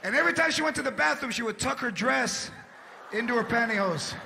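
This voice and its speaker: Brash high-voiced stand-up comic. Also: male voice, lively intonation, quick pace, vocal fry. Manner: brash, profane, drops Spanish words. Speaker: stand-up comedian. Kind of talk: stand-up comedy. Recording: live stage with loud audience and noise.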